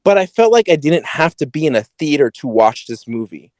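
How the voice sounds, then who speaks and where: A man's voice: a little high, sing-song, brisk, a little mellow, no room sound. A man co-hosting a podcast, chatting casually about a movie in a rambling way, correcting himself and swearing now and then. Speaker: podcast co-host. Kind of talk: casual movie review chat.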